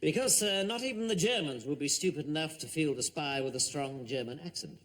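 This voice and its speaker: Sardonic officer, cutting and deliberate , played by an actor. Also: male voice, fairly high pitch, noisy background, lightly acted. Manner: dry, sarcastic, deliberate. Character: sardonic English army captain, dry and cutting. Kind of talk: TV sitcom acting.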